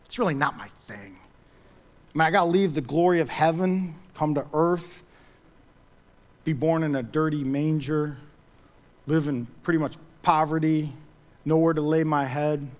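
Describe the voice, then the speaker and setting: A man's voice: on the high side, normal speed, pauses often, natural voice. A man acting out a grudging, offhand refuser. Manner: offhand, grumbling. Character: reluctant man shrugging off a hard task.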